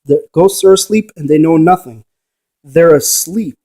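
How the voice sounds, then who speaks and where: A man who looks into hauntings speaks a little slowly in a warm voice on the high side. He wanders through a preachy monologue, confronting the viewer with rhetorical questions.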